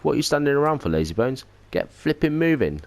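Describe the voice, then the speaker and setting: Drippy, a cheeky fairy sidekick. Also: male voice, medium pitch, very animated, fast talker, gravelly. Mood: bossy. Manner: brash, slangy teasing. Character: small adult male fairy sidekick, cheeky and blunt.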